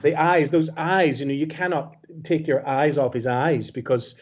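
Man, Belfast accent, radio phone guest, anecdotal, muffled line, a bit high-pitched. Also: steady tone, normal speed. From West Belfast, Northern Ireland.

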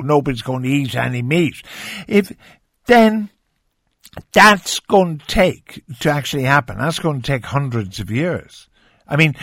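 A man hosts a radio talk show, probing his guests while stumbling through fillers and restarts. His voice sits at an ordinary pitch and is recorded dry in the studio. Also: creaky, dry recording. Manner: probing, hesitant, with many fillers.

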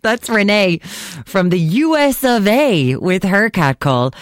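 A woman's voice: mid-range voice, lively intonation, takes it slowly, no room sound. An Irish woman hosting a casual radio show, chatting, laughing easily and reading out listener messages from a studio mic. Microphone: studio microphone.

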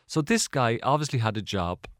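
A man's voice: mid-range voice, lively intonation, moderate pace, dry recording, studio quality. An Irish man, a guest in an interview, telling stories in a chatty, rambling way with fillers and laughs. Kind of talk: casual storytelling interview.

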